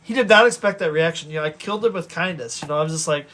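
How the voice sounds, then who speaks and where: Male storyteller, high and quick, casual and animated, rambling with frequent restarts. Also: soft background music. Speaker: vlogger telling stories.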